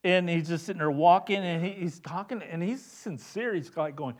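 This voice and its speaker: A man's voice: high voice, normal speed, few pauses. A man preaching a sermon in a conversational way, often repeating words as he builds his point. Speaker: pastor.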